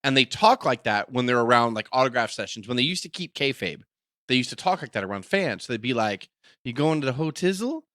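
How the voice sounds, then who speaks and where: Man, podcast co-host, casual chat, bright forceful voice, dry close sound, animated storyteller. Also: mid-range voice, fast, dry recording. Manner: animated storytelling, acting out quotes, frequent profanity.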